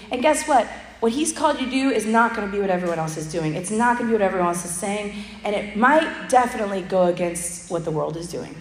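A woman's voice: medium pitch, animated, fast talker, a little hiss or hum. A young woman giving a humorous, chatty sermon with personal stories and many asides. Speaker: speaker at a church event. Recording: echoey hall with long reverb.

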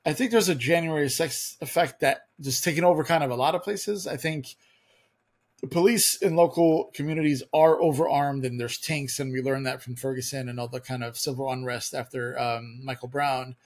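A man's voice: medium pitch, steady tone, normal speed. A man in his middle register co-hosts a podcast in casual political talk. He talks in a conversational way, asking questions and qualifying his points as he goes. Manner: conversational, asks questions, hedging. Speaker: podcast co-host.

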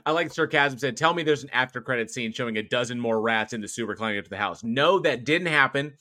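A man's voice: mid-range voice, quick pace. A man co-hosting a podcast, chatting casually about a horror film, swearing often and restarting his sentences as he rambles. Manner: animated, profane, rambling with restarts. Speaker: podcast co-host.

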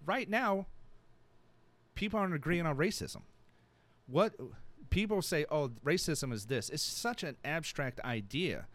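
A man's voice: a little high, animated, measured pace, long pauses, a bit bright. A man co-hosting a podcast in casual chat, rambling and joking, and often repeating himself. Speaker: podcast co-host.

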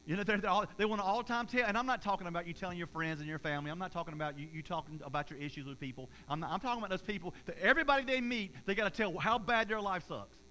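A man's voice: high voice, very fast, hardly any pauses, pushed and bright, rough recording. A male pastor preaching a conversational sermon to his congregation, with many stammered restarts and repeated words. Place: church service before a congregation.

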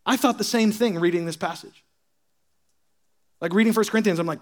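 Speaking fairly quickly, a high-voiced young pastor delivers a lighthearted, joking sermon. He mocks petty squabbles through sarcastic asides in which he plays out what churchgoers say.

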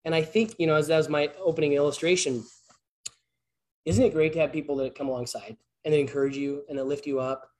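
Guy giving a chatty church talk, kinda high voice, keeps restarting his sentences. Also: steady tone, fast talker, a little mellow. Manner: rambling, conversational, many restarts. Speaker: guest speaker at church, PE teacher. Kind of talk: informal sermon with storytelling.

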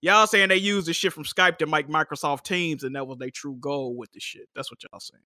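A man's voice: fairly high pitch, brisk, bright, forceful tone, no room sound, studio quality. A man co-hosting a casual podcast, laughing often as he reads viewer comments aloud. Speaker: podcast co-host reading chat. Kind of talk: casual chat.

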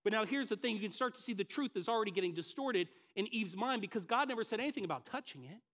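Energetic high-voiced male preacher. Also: fast. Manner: energetic, conversational, acts out voices. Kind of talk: sermon.

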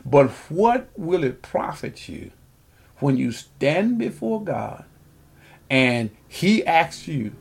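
A man's voice: fairly high pitch, very animated, vocal fry, slightly rough. A man preaching a sermon, rambling and often repeating words as he works through scripture. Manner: rambling, repeats words, pauses to find passages.

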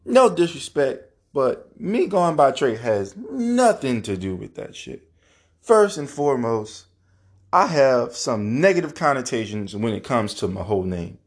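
A man's voice: medium pitch, very animated, unhurried, breathy edge. A man from New Orleans hosting his own podcast alone, talking casually and emphatically with plenty of swearing and the odd rant. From New Orleans, Louisiana. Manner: profane, ranting, emphatic. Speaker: podcast host. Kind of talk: casual solo podcast monologue. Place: apartment at home.

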